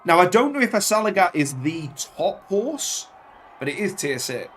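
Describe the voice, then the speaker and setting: High-pitched and very animated, a gaming channel host speaks at normal speed in a slightly bright voice, with slight background noise. His let's play commentary is chatty banter as he swears at the soldiers on screen.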